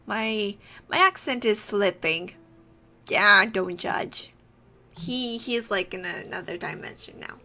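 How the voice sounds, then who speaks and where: Slow-talking woman commenting on a game. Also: medium pitch, animated, pushed and bright. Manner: chatty, reacts aloud to the game. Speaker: let's play gamer. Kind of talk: casual gameplay commentary.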